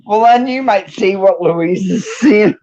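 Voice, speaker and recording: A woman co-hosts a casual livestream chat over a video call, laughing a lot and letting out groans and sighs. Her mid-range voice is mellow and a little slow, and the stream audio sounds dull and lo-fi.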